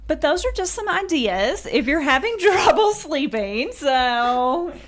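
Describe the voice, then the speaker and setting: A middle-aged woman co-host chats in a fairly high voice. She keeps it casual and upbeat and breaks into laughter easily. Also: sing-song, takes it slowly, a little hiss or hum. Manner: chatty and upbeat, laughs often. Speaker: podcast co-host. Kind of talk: casual group chat.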